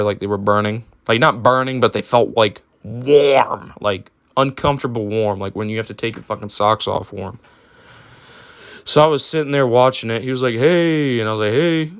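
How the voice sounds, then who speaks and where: A man's voice: on the low side, fairly even intonation, brisk, a bit bright, clear, resonant tone, dry recording, clean studio sound. A young man telling a personal story in a casual, rambling way, with lots of fillers and swearing. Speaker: storytime vlogger.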